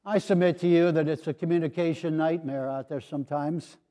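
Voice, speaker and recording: A retired older pastor delivers his sermon in a high, mellow voice. He tells stories with gentle humor and puts on voices for the people he quotes. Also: steady tone, a little fast.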